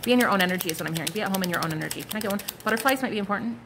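A young woman giving a casual tarot reading to her viewers, blunt and animated, swearing freely as she calls things out. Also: medium pitch, racing, noisy background. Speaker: psychic tarot reader.

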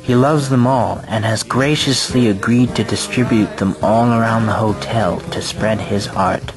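Eerie thin male innkeeper for an audio story, formal and precise, low-pitched, read by a man. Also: unhurried, close to an everyday voice. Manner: businesslike, polite and precise. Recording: clear background music.

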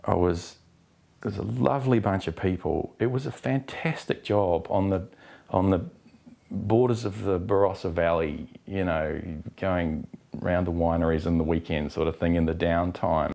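A man from New Zealand, middle-aged, answers interview questions about his acting work in a candid, expressive way. His voice sits low and deep. He slips into quoted exchanges as he goes. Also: normal speed, creaky. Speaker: actor interviewee.

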